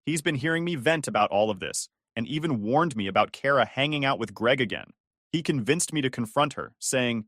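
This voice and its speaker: A man's voice: mid-range voice, a little fast, no echo, clean studio sound. A man narrating a first-person family drama story, acting out the voices. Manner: expressive, acts out dialogue.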